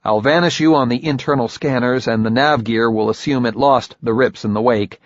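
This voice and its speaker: A man voicing a sardonic male dock insider who gives brisk instructions in an audiobook. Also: mid-range voice, no echo, close to an everyday voice. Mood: instructive. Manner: brisk instructions, dry sarcasm. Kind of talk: audiobook character voice. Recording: dull lo-fi recording.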